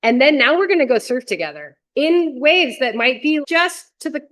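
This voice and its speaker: A woman surf therapist and coach explaining her approach in an interview, earnest and gentle, with frequent "like" fillers. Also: high voice, sing-song, moderate pace.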